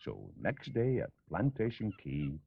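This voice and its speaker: A man's voice: fairly low pitch, sing-song, unhurried, gravelly, slightly rough, no echo, heavily acted. An actor playing a cheeky young male cartoon hero from Glasgow who wryly tells his own story, with a Glaswegian accent, in a radio play reading. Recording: dull lo-fi radio recording.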